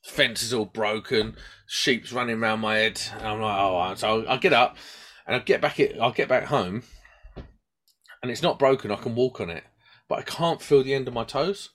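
A British man in casual chat who spins a rambling tale and slips into little voices for the people in it. He speaks at an ordinary mid pitch, neither deep nor high. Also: normal speed. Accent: British English. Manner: rambling and animated, acts out voices in his stories.

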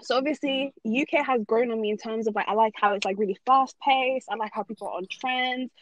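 A woman's voice: a little high, a little fast. A woman from Norway, talking casually and emphatically in slangy chat, ranting on a podcast. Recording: dull dry close sound.

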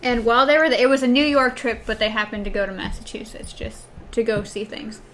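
A woman's voice: fairly high pitch, fairly quick, a bit bright, slight background noise. A young woman from Wisconsin co-hosting a casual chat, rambling through stories with many fillers.

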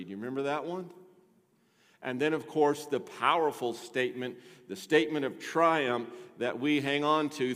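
A man's voice: mid-range voice, normal speed. An older man preaching a sermon as pastor, conversational and rising to emphatic points with rhetorical asides to the congregation. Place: church sanctuary. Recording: long hall reverb.

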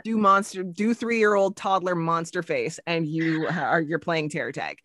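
Animated, foul-mouthed woman podcaster. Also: lowish voice, a little slow, dry recording, studio quality. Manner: animated, swears freely, many restarts. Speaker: podcast co-host. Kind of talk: casual chat.

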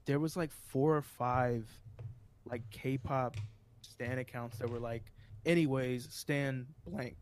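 A man's voice: mid-range voice, slow pace, slight background noise. Male co-host, mid-range voice, joking and provocative, loose casual delivery. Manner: joking, provocative, animated storytelling. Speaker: podcast co-host. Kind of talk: casual chat.

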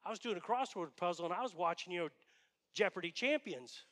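Brief: cocky male disciple, loud swaggering boasts, high bright tone, played by a pastor. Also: lively intonation, a little fast. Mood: flustered denial. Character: boastful loyal male disciple, brash and eager.

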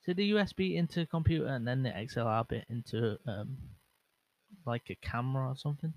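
A man's voice: medium pitch, brisk, darkish tone, low-quality recording. A young man hosting a solo podcast, rambling and self-mocking with lots of fillers and restarts, into a bare microphone. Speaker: podcast host. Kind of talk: casual solo podcast chat. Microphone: bare microphone without windscreen, monitored on headset.

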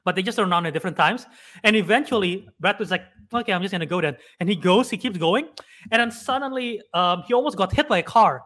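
A young man co-hosting a podcast, rambling as he retells scenes and tosses in quick acted-out quotes. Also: high-pitched, bright, forceful tone. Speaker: podcast co-host. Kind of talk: casual chat.

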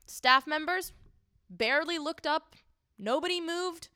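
A woman's voice: a little high, very animated, normal speed, bright, forceful tone, smooth, no echo, clean studio sound. A young woman delivering indignant, sarcastic political commentary with rhetorical questions. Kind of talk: opinionated commentary monologue.

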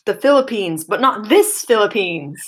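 A woman's voice: mid-range voice, expressive, normal speed. A woman co-hosting a podcast in casual chat, hesitant, with many fillers and easy laughter. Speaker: podcast co-host.

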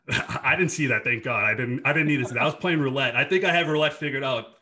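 A man's voice: medium pitch, fast talker, sharp tone. A man in his thirties with a Boston accent, a podcast guest chatting casually and laughing often. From Dorchester, Massachusetts. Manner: laid-back, laughs often, swears freely. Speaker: podcast guest, former hockey player. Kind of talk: casual chat.

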